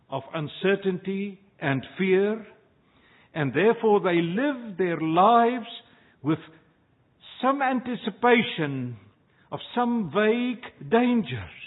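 A man preaching a sermon as pastor, slow and measured, with dramatic pauses between phrases. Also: high-pitched. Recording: tinny phone-like sound.

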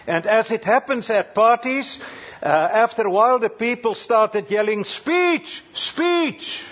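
A man preaching a sermon, swinging dramatically from loud cries down to near-whispers, with halting pauses and fillers. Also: high-pitched. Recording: dull lo-fi recording.

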